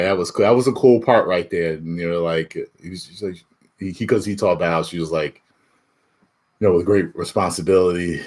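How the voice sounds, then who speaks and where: A man and YouTube reviewer in casual spoiler talk, reading chat questions aloud and laughing often. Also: low voice. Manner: animated, laughing, swings between loud and muttered.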